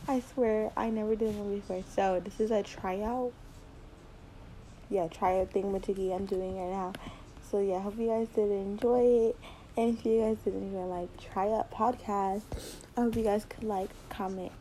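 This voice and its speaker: A woman's voice: medium pitch, steady tone, normal speed, warm tone, slight background noise, poor audio. Rambling teen girl on a laptop mic. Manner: rambling, repeats words, giggly. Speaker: podcast host. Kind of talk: casual late-night podcast chat. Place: home at night.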